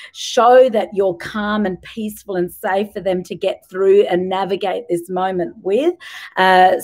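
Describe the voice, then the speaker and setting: A middle-aged woman giving parenting advice to camera in a gentle, reassuring way, laying out tips in short lists. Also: medium pitch, rough recording. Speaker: parenting educator.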